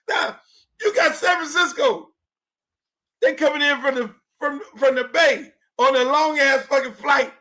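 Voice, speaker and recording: A man hosting his own show, ranting loudly and profanely about sports and politics, laughing and shouting as he goes. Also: extremely high pitch, measured pace. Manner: loud, profane, laughing, animated rants. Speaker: show host. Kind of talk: casual commentary on sports and politics.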